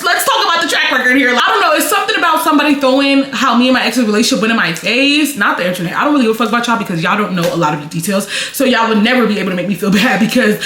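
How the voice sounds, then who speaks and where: Fast-talking animated young woman storyteller. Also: fairly high pitch, slight background noise. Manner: animated, profane, blunt. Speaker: vlogger. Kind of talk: casual storytime. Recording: roomy echo.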